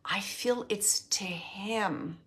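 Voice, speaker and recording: A woman working as a psychic medium, talking slowly and with emotion as she passes on messages during a live reading. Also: medium pitch, a bit bright. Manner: slow, emotional, relaying spirit messages. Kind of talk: livestreamed spirit reading.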